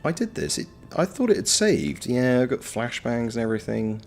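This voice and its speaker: A man and voice actor giving live-stream gameplay commentary, swearing freely as he yells at the game and chats with viewers. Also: mid-range voice, normal speed, creaky, slight background noise. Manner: animated, swears freely, talks to the game and to chat.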